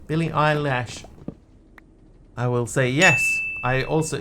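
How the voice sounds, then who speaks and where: A man's voice: mid-range voice, steady tone, takes it slowly, noisy background. A man streaming a game, chatting playfully with viewers and cracking jokes as he plays. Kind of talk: casual gameplay commentary.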